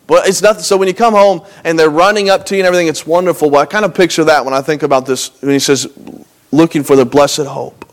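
Earnest young male preacher, slightly high voice. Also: quick pace. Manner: earnest, conversational preaching with frequent restarts and lively emphasis. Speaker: pastor. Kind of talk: sermon.

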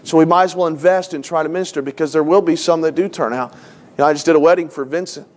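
Here a middle-aged pastor preaches quickly in a voice on the higher side. Earnest and emotional, he tells stories that occasionally bring him to tears and hammers home ideas by repeating phrases.

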